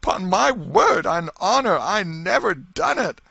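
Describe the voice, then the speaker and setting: A man's voice: on the high side, sing-song, unhurried, bright, forceful tone, slightly rough, no room sound, highs cut off, voice pushed up, exaggerated voice. A man voicing a terrified middle-aged man accused of murder, pleading and tearful in a storybook reading. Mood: sobbing.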